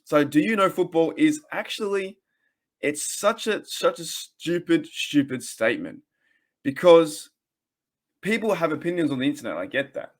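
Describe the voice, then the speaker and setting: A man's voice: fairly high pitch, expressive, moderate pace. An Australian man in his thirties hosting a casual sports fan podcast, ranting in a rambling, heated way with frequent restarts. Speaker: podcast host.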